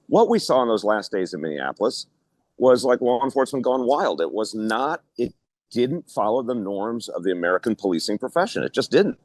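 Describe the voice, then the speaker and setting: A man's voice: medium pitch, big pitch swings, dry recording. An older man, a former mayor, speaking earnestly as a guest on a political talk show over a video call. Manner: earnest, measured, with frequent restarts.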